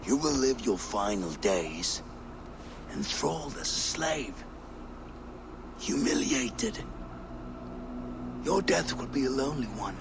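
An actor playing a cruel, mocking male viking warlord with a gravelly voice, in game audio with noise behind. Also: mid-range voice, sing-song, slow, long pauses, heavily acted. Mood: commanding shout. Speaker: villain.

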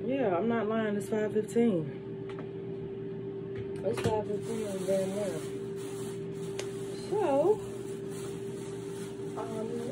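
A woman vlogging casually from her home kitchen, chatty and blunt, swearing freely and talking straight to her viewers. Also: lowish voice. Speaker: lifestyle vlogger. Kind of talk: casual morning chat to viewers. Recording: home recording with noisy background.

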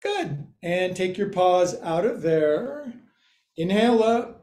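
A man's voice: high voice, sing-song, slow, darkish tone. A man teaching a live yoga class, cueing poses with playful jokes and asides.

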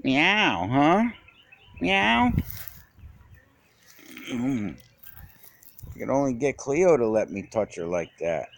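A man's voice: mid-range voice, very animated, slow, vocal fry, pauses often, a bit bright. A man filming and fussing over a cat he just met, talking to it in cooing baby talk, outdoors on a phone camera. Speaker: cat owner filming a stray.

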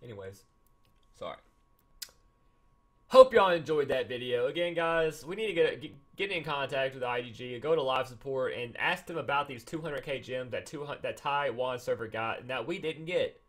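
Excitable man doing game commentary. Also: medium pitch, fairly quick. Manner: excitable, mock-angry, repeats himself. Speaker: gaming YouTuber. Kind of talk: casual gameplay commentary.

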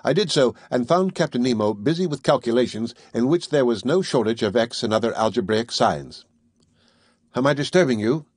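A man reading a classic novel aloud in a measured first-person storytelling manner. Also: medium pitch, animated, slightly rough, dry recording, studio quality. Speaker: audiobook narrator. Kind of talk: scripted audiobook narration.

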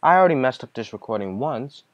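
A man's voice: mid-range voice, expressive, fast, lo-fi sound. A man hosting a game playthrough, rambling and joking between lines. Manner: rambling, jokey. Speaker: let's play host. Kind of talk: casual gameplay commentary.

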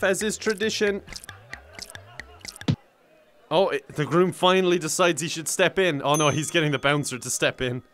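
Irish man, twenties, high voice, bright tone, joking gameplay commentary, excitable. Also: a little hiss or hum. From Ireland. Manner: excitable, joking, often laughing and yelling. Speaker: gaming YouTuber.

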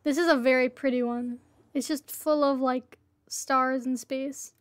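A high-pitched woman streams a game and chats away to her viewers in an easygoing, unhurried way. She playfully begs other players for help, and her voice sounds close and dry. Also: fairly even intonation, smooth, no room sound. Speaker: livestreamer. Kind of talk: casual gameplay livestream chat.

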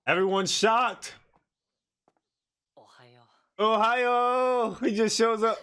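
A man hosting an anime reaction channel, talking in slangy, excitable casual commentary and laughing often. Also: mid-range voice, normal speed, long pauses.

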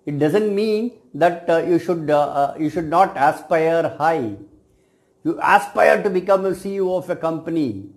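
In a thoughtful video talk to his students, a male cosmetic science lecturer speaks in measured phrases, frequently closing with "right?". He sounds a little high-pitched and expressive.

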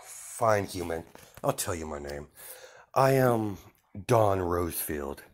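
A man's voice: medium pitch, very animated, takes it slowly, voice pushed up. A man voicing a weak but proud female vampire princess who speaks haughtily and cackles. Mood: haughty.

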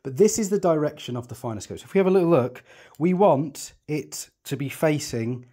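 Slightly high and expressive, this man's voice is mellow with a breathy edge, and he talks fairly quickly. He guides listeners through telescope setup step by step as he works, keeping it chatty and reassuring and often thinking aloud.

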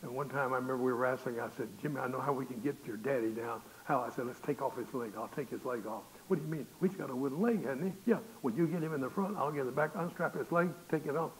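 A man's voice: medium pitch, fast talker, few pauses, low-quality recording. Older male pastor telling folksy stories. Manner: folksy, acts out the voices in his stories. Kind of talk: storytelling sermon. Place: church. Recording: hissy recording with faint noise.

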